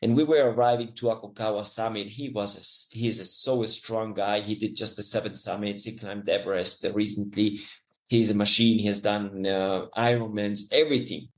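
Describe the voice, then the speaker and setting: A man's voice: lowish voice, fairly even intonation, a little fast, low-quality recording. Ecuadorian guy w spanish accent, mountain guide guest, heartfelt rambling storytelling. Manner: warm, emotional, frequent restarts and laughs. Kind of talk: storytelling interview answer.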